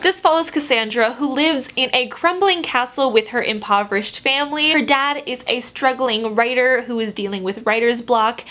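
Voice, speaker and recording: A woman in her twenties talks through her latest book haul in a chatty, bubbly vlog style, often breaking into light laughter. Her voice sits high and sounds bright and forward, and she keeps the mood upbeat from book to book. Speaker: book vlogger.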